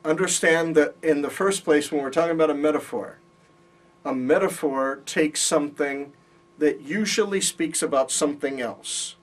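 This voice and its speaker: Speaking at a moderate pace in a voice on the high side, a man lectures a Bible college class. He explains patiently and checks in with students, his voice distant in the classroom recording.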